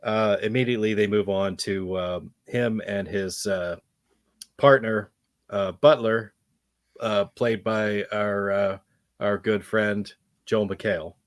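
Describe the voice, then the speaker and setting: A man's voice: lowish voice, fairly even intonation, slow pace, no room sound, studio quality. A man hosting a casual movie review podcast, rambling with many ums and casual swearing. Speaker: podcast host.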